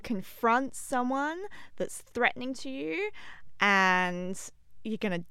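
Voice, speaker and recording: A woman's voice: on the high side, expressive, takes it slowly, pushed and bright, clear, resonant tone, dry recording. A woman chatting casually and reflectively with her co-host. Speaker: podcast co-host. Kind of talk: casual chat.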